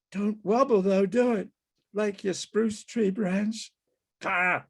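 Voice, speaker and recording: A man reading his own fiction aloud over a video call as a halting, musing first-person character monologue. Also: high-pitched, gravelly, breathy edge. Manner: halting, musing, talks to animals and people in the scene.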